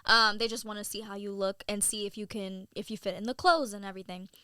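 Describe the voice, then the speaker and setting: Young woman in her 20s chatting as a guest, bright crisp voice, super dry close sound, lots of "like"s. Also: medium pitch, dry recording. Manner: animated storyteller, many "like"s and quick laughs. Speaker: model and content creator, guest. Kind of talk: casual interview chat.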